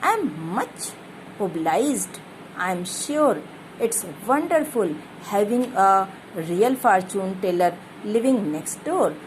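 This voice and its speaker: A woman reading the lines of a timid, polite woman in her forties in a soft, slow manner. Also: medium pitch, animated, a little hiss or hum, low-quality recording.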